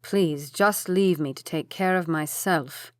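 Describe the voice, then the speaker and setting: An injured young earl, voiced by a woman reading aloud, short-tempered and weary. The voice is lowish and the sound dry and close. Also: slow, dry recording. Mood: irritable.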